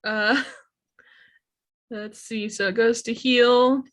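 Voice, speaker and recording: A woman's voice: fairly high pitch, fairly even intonation, extremely slow, a bit bright. A woman playing a tabletop role-playing game, talking earnestly through her character's actions and laughing often. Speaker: player.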